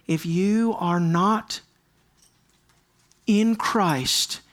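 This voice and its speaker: A man's voice: high voice, very slow, fairly bright tone. Earnest man preaching, repeating key lines. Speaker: pastor. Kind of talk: sermon.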